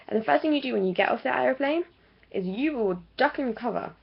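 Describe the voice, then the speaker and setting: A woman's voice: a little high, animated, fast talker, creaky, highs cut off. A young woman with an English accent ranting casually to camera, chatty and self-mocking, often laughing at herself. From England. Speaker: vlogger.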